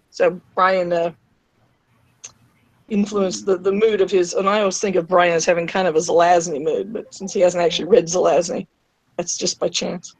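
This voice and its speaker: A woman's voice: mid-range voice, dry recording, rough recording. A woman co-hosting an online panel, chatting and reading a guest's message aloud with small self-corrections. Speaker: co-host. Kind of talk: casual roundtable chat and reading aloud.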